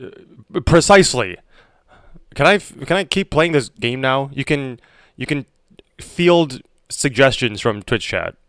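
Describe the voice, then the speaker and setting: A man streaming and chatting on a call, teasing and exasperated in a deadpan way. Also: mid-range voice, measured pace, clear, resonant tone, no echo, clean studio sound. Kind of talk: casual chat on a call while streaming.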